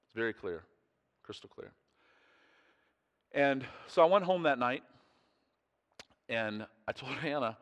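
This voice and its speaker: A man's voice: a little high, expressive, brisk, pauses often, sharp tone. Man preaching in an echoing hall. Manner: chatty, self-interrupting, chuckles often. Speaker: pastor. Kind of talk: conversational sermon storytelling. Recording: long hall reverb.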